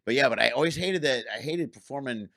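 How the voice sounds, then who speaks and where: A man hosting a casual comedy podcast, telling animated stories and swearing freely. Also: mid-range voice, quick pace, creaky. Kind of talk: casual storytelling chat.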